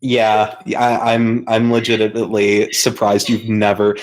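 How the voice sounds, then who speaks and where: A man's voice: lowish voice, monotone, unhurried, background noise. A man co-hosting a podcast, telling a long story in casual chat with lots of fillers and swearing. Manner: rambling storyteller, heavy swearing, many fillers. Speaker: podcast co-host.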